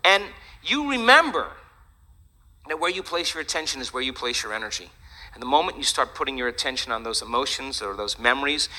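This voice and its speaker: A man giving a lively, joking talk to an audience, chatty and animated. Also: mid-range voice, poor audio. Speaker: speaker.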